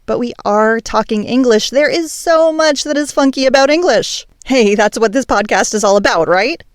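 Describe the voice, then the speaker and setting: A woman's voice: mid-range voice, no room sound, studio quality. A woman hosting a language podcast, delivering a scripted monologue in a playful, emphatic, teacherly way. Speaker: podcast host.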